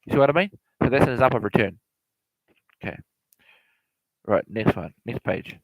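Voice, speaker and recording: Fast-talking man who stumbles and repeats himself, casual real estate explainer in a dry, close sound. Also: mid-range voice, lively intonation, no echo, poor audio. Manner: repetitive, stumbling, laughs often.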